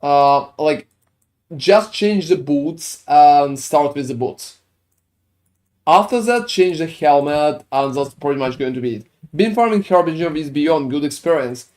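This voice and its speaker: A man's voice: on the high side, expressive, unhurried, darkish tone. A man with a French accent, streaming a game and chatting casually with his viewers, rambling with lots of fillers. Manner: chatty, answers chat with filler-heavy rambling. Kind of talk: casual live-stream chat while gaming.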